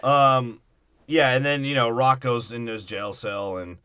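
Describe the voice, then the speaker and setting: A man's voice: medium pitch, fairly even intonation, sharp tone, smooth, no echo. A man co-hosting a podcast, breaking down a movie in casual, crude, joking chat. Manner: crude, joking, trades quick riffs and impressions. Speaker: podcast co-host.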